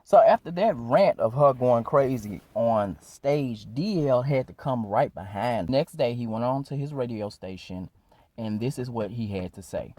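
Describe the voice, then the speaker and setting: A man's voice: mid-range voice, animated, a little slow, a little mellow, slight background noise. A man casually narrating a recap as a commentary host, conversational and loose, with fillers and hedges.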